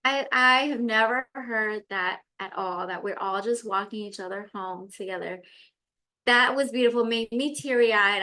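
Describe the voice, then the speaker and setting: Female podcast co-host with a sharp, bright tone, earnest and reflective. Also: fairly high pitch, slow pace, long pauses. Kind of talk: casual podcast chat.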